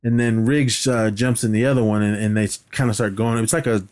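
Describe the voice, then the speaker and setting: A podcast co-host with a clean, fairly low voice moves briskly through a scene-by-scene movie recap. He laughs a lot, curses without holding back, and performs lines from the film as he goes.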